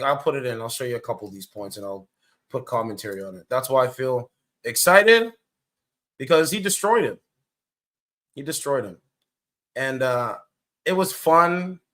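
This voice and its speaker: A man's voice: medium pitch, expressive, moderate pace, long pauses, fairly bright tone. A man giving casual, blunt reaction commentary, rambling and swearing as he goes. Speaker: streamer commentator.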